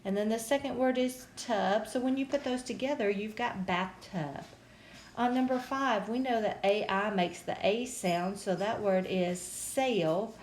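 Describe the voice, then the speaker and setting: A woman's voice: mid-range voice, unhurried, reverberant, a little hiss or hum. A woman teacher, patiently sounding out words in a phonics lesson for young kids.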